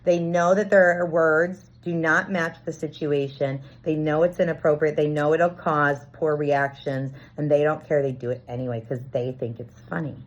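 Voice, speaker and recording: This woman talks in a low, steady voice at normal speed, barely pausing. Her reflective monologue is earnest and searching as she sorts through a confusing experience and reenacts bits of conversation, captured on a dull lo-fi recording.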